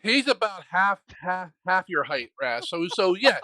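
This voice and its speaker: A man's voice: high-pitched, sing-song, measured pace, bright, forceful tone, no room sound, clean studio sound. A man narrating as game master in a tabletop game, joking and loose, often rephrasing as he goes.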